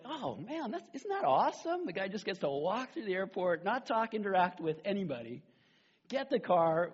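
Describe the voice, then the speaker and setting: Middle-aged man pastor, husky, slightly high voice, chatty sermon, dull lo-fi recording. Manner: animated, conversational, with frequent "right?" asides.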